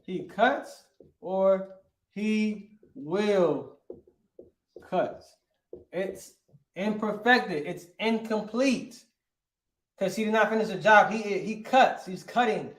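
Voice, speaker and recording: A man's voice: high voice, slow pace, roomy sound. A male teacher giving a grammar lesson, asking his class questions and answering them himself, often checking with "right?".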